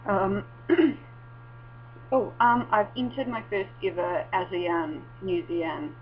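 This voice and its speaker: A young woman vlogging in casual, rambling chat, swearing and breaking into excited exclamations. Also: medium pitch, normal speed. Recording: dull lo-fi with faint mains hum.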